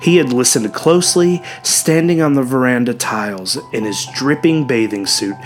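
A male narrator reads a story at a measured, steady pace with a mid-range voice. He shifts into character voices for the dialogue, while soft music runs faintly underneath. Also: medium pitch. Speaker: audiobook narrator. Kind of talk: scripted narration.

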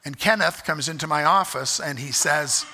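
A man's voice: on the high side, moderate pace, pushed and bright, slight background noise. A male pastor preaching a sermon, emphatic and repeating key phrases as he questions the congregation. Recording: echoey hall with long reverb.

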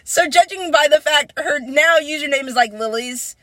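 Young woman, high voice, bright sharp tone, swears a lot, emotional storyteller, dry close sound. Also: normal speed, no echo, rough recording. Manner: emotional storytelling, swears freely, rises to near-crying shouts. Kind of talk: casual chat.

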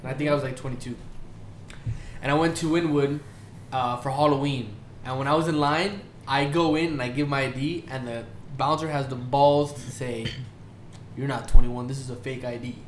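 A man's voice: medium pitch, fairly even intonation, normal speed, echoey room, slight background noise. A young man co-hosting a podcast, telling a story in a laid-back way, swearing and saying bro a lot. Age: young adult. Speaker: podcast co-host. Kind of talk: casual storytelling chat.

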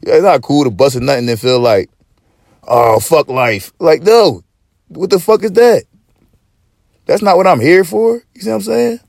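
A man's voice: high-pitched, animated, moderate pace, creaky, a little mellow, no echo, clean studio sound. A man hosting a podcast, ranting in casual slang with lots of swearing and stop-start restarts. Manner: profane, rambling, with frequent restarts; preachy street-slang delivery. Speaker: podcast host.

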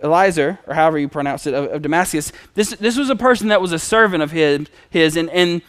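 Male preacher, relaxed conversational sermon, high clear voice. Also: fast talker, no echo. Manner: conversational storytelling with acted quotes.

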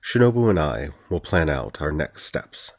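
A man doing a calm, knowing curate. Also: rumbling low, moderate pace, husky, full character voice. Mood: firm.

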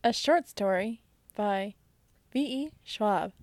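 A woman's voice: medium pitch, lively intonation, slow pace, darkish tone, dry recording. A woman co-hosting a podcast in casual chat, giggly and playful. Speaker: podcast co-host.

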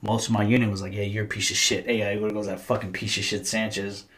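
A man's voice: fairly low pitch, level tone, fast, a bit bright. A man in his thirties, a podcast host, telling stories in casual, profane, slangy chat. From United States.

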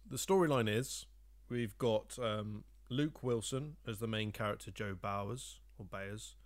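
A man's voice: fairly low pitch, measured pace. A man co-hosting a film podcast, rambling through a plot summary with many hesitations. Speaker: podcast co-host. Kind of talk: casual chat.

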